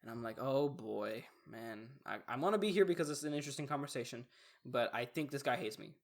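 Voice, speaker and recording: A man's voice: mid-range voice, animated, fairly quick. A young man co-hosting a podcast, telling a story in a rambling, casual way with lots of fillers and restarts. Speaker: podcast co-host. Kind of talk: casual chat.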